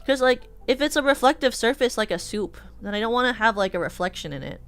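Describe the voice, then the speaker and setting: A woman's voice: on the high side, expressive, fast, fairly bright tone, soft background music. A young woman with a West Coast American accent, chatting casually on her stream in a rambling way, full of fillers and restarts. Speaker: VTuber streamer. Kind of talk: casual chat.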